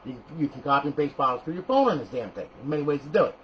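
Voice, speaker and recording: Blunt tutorial host, male, a bit high-pitched, cursing and ranting, checks in with the viewer constantly. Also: sing-song, racing, a little hiss or hum, poor audio. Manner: repeats "okay?" and "all right?" as checks. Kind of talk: casual screen tutorial.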